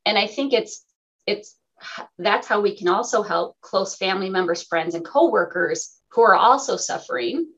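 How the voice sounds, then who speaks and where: A woman hosting a radio talk show in casual chat, animated and laughing, acting out quotes. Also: mid-range voice, moderate pace, slightly rough, highs cut off.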